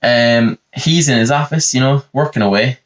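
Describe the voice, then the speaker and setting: A man's voice: medium pitch, normal speed. A man hosting a comedy podcast, telling a rambling, profane comic story in a casual conversational way.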